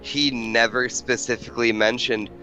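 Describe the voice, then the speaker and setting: A man's voice: mid-range voice, steady tone, normal speed, sharp tone, soft background music. A man arguing his side in a heated podcast debate, insistent and listing his points, often restarting words. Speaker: podcast guest.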